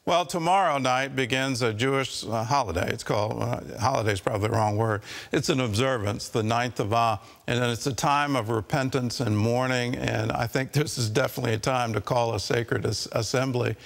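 A man hosting a news interview, measured, with short pauses. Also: medium pitch, vocal fry. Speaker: host.

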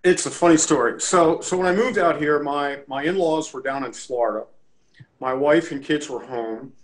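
A man's voice: on the high side, normal speed, rough recording. A man guest in a casual interview, from the Baltimore area, telling a story and acting out quotes. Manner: animated storyteller, acts out quotes. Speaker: interview guest, lacrosse official.

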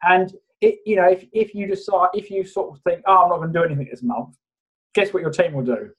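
A man answering interview questions on a video call in a steady, measured way, with many fillers. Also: high-pitched, slightly rough. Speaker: guest. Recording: dull video-call audio.

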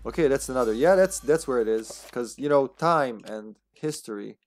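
Chatting casually while streaming gameplay, a man with a Serbian accent, Serbian being his native language, laughs frequently. He speaks at normal speed in an expressive, mid-range voice.

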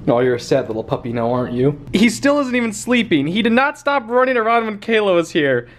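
A man vlogging casually at home, chatting to viewers and cooing at his puppy in a higher, sing-song voice. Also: sing-song, fast talker, a little hiss or hum. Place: home living room.

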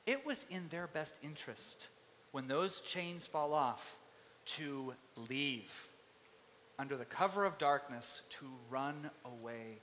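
A man preaching with a high, bright voice that carries through a long hall reverb. He is animated and talks to the congregation the way one talks to friends, and he acts out the voices of biblical figures. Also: takes it slowly, a little hiss or hum. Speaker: pastor. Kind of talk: sermon. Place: church sanctuary.

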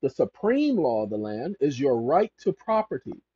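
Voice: medium pitch, sing-song, moderate pace, dark tone, breathy edge. Emphatic rambling commentator, muffled lo-fi sound. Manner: emphatic and repetitive, corrects self mid-sentence. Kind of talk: rambling legal commentary reading aloud. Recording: dull lo-fi recording.

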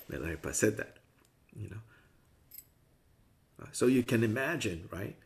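Gravelly and lowish, this man's voice is animated yet measured in pace, with frequent pauses. He leads a conversational Buddhist dharma class, regularly acting out the perspectives he's discussing in playful voices.

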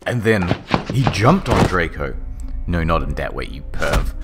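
A man giving a deadpan, mock-serious comedic reading as narrator. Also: deep voice, measured pace, music in the background.

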